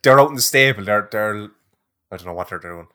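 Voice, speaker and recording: A laid-back man chats on a podcast with dry, deadpan answers. His voice has a bright, forward edge. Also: on the low side, fairly quick, clear, resonant tone. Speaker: podcast producer. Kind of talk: casual podcast chat.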